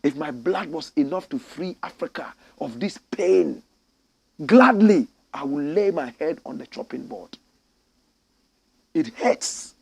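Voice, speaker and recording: Fiery Ghanaian man, higher-pitched. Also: lively intonation, takes it slowly, vocal fry, husky, no room sound. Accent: Ghanaian English. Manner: fiery, preaching, voice rising to shouts. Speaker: host of a commentary show. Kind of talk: passionate political commentary.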